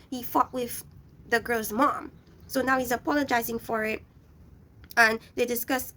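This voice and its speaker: A young woman recapping a reality show in a blunt, scolding rant, talking straight at the people she criticizes. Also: fairly high pitch. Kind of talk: ranting show review.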